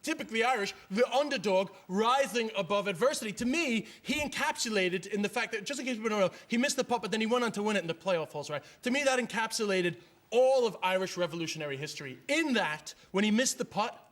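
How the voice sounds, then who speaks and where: A man, a comedian guest on a TV talk show, ranting animatedly and swearing in a quick stand-up style. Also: high-pitched, expressive, a bit bright. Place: TV studio with live audience.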